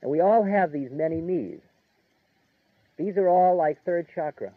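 A man giving an informal spiritual lecture in a relaxed, conversational way, chuckling and filling his talk with "like" and "you know.". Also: fairly high pitch, unhurried, no room sound. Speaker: spiritual teacher. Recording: tinny narrow-band dry recording.

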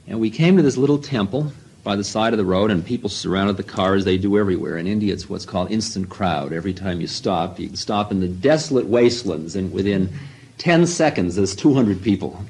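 A low-pitched man telling a long personal story to listeners, wandering through asides and laughing at his own past self. The delivery is loose and conversational. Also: lively intonation, brisk, darkish tone, slightly rough, poor audio. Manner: rambling, self-mocking, many asides. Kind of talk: first-person storytelling talk.

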